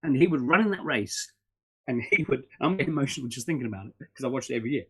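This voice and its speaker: A middle-aged man speaks very fast in a mid-range voice with a breathy edge as a guest in a casual podcast interview. He bursts out in animated rambles, restarting frequently and using lots of fillers.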